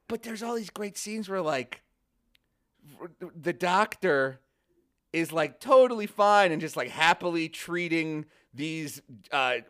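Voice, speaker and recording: High, animated comedian rambling. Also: male voice, slow pace. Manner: rambling, animated storytelling with swearing and mock voices. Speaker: podcast guest, comedian. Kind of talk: casual chat.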